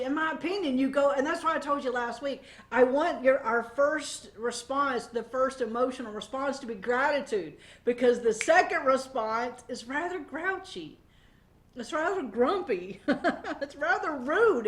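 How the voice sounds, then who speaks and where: Animated woman giving a Bible devotion. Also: sits high. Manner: animated, conversational, frequent fillers. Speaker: devotional teacher.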